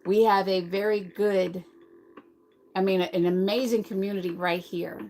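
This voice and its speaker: Here the same livestream host, a middle-aged woman from the United States with a slight lisp, chats casually while reading out and responding to her chat. Her medium-pitched voice is steady and somewhat dark, delivered at a measured pace. There's a little hiss or hum, and the audio quality is rough.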